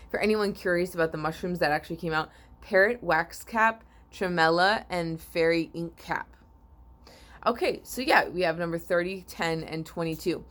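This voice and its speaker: A woman giving a spiritual oracle card reading to viewers, sleepy and yawning, rambling with repeats and restarts and often clearing her throat. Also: on the low side, measured pace, long pauses, fairly bright tone.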